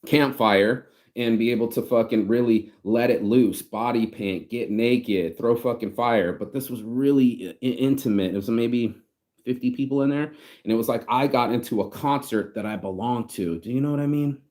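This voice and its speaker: A man from the United States telling a story in a casual vlog, animated and slangy, acting out what people said. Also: mid-range voice, moderate pace. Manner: animated slangy storytelling, acts out quoted voices. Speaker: vlogger.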